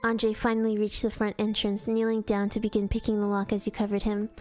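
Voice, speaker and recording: A woman reads a fan story aloud to her stream, her voice sitting at an ordinary middle pitch. She tells it in a storytelling manner, now and then tripping over a word and starting again. Quiet music plays faintly behind her. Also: completely flat delivery, a little fast. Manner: storytelling read-aloud with casual slips and restarts. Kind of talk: reading fanfiction aloud on stream.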